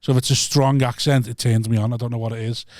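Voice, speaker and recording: A man's voice: mid-range voice, little pitch movement, fast talker, a little mellow, no room sound. Easygoing man from Birmingham, dry sound. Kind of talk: casual chat.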